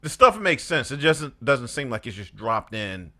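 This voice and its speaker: A man's voice: medium pitch, sing-song, normal speed, bright, forceful tone. A man co-hosting a casual podcast, rambling through his thoughts with many "you know"s and "um"s. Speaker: podcast co-host. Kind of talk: casual movie review chat.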